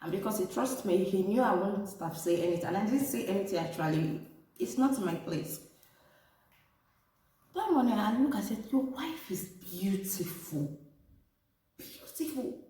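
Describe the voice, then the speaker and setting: A woman vlogger telling a personal story and giving relationship advice straight to her viewers, animated and talking to them as "ladies". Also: medium pitch, moderate pace, pauses often. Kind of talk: casual storytelling to camera. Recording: echoey room, distant from mic.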